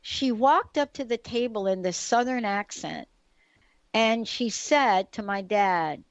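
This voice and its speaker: A woman, hosting a radio talk show and telling a story in a chatty, animated way full of asides. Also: a little high, takes it slowly, no room sound. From the Bronx, New York. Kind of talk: casual radio chat, storytelling. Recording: dull lo-fi radio recording.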